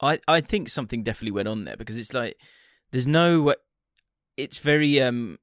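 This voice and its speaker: A man's voice: mid-range voice, expressive, a little fast, fairly bright tone, dry recording. Guy on a podcast, jokey and chatty, dry close sound. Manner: jokey, chatty, laughs a lot. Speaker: podcast co-host. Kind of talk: casual chat.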